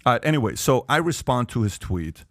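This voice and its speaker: A man's voice: medium pitch, sing-song, a little fast, fairly bright tone. Emphatic man hosting a podcast. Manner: emphatic, rhetorical questions to the panel. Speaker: podcast host. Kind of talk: animated podcast talk.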